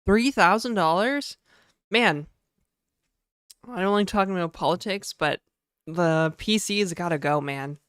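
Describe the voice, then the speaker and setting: A man's voice: high voice, unhurried, long pauses, a bit bright, clean tone, no room sound, clean studio sound. A young man livestreaming casually, slightly nasal from a cold, chatting and rambling as he greets viewers by name. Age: young adult. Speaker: livestreamer and game developer.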